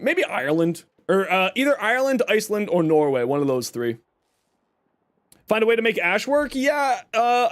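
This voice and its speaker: A Canadian man streaming and reading chat, talking casually and rambling through stories and corrections. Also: high voice. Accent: Canadian English. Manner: rambling, chatty, self-correcting storyteller.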